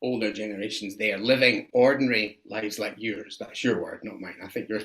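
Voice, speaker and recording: Low-voiced man hosting an interview. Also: fairly even intonation, fairly quick, a bit bright, low-quality recording. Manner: hesitant, with many fillers and laughs. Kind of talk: interview questions.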